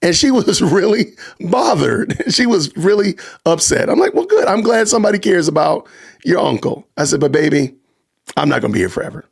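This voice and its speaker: Guy doing a livestream, kinda high voice with gravel in it, jokey and animated, chats with the viewers. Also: a little fast. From Georgia, US. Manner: animated and joking, talks straight to the live chat. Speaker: podcast host. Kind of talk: casual livestream commentary.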